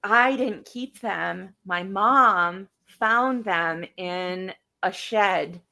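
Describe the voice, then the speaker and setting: A woman in her thirties from Michigan, co-hosting a casual podcast and telling stories at an unhurried pace. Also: medium pitch, creaky, pushed and bright. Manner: unhurried storyteller, reads old notes aloud. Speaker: podcast co-host. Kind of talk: casual chat.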